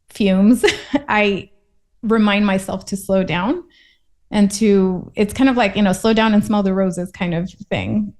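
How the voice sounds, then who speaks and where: A woman's voice: medium pitch, a little mellow. Thoughtful woman speaking in an interview. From Puerto Rico. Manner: reflective, thoughtful. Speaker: interview guest. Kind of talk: casual interview conversation.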